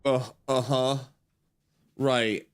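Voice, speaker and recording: A man's voice: medium pitch, very slow, clean tone. Sleepy, rambling male streamer. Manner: sleepy, relaxed, rambling with fillers. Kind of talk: casual let's-play commentary.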